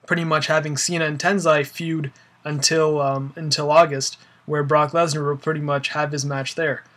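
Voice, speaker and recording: Rambling young man, slightly high voice. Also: little pitch movement, moderate pace, fairly bright tone. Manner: rambling, filler-heavy, exasperated. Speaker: wrestling fan vlogger. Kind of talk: casual opinion rant.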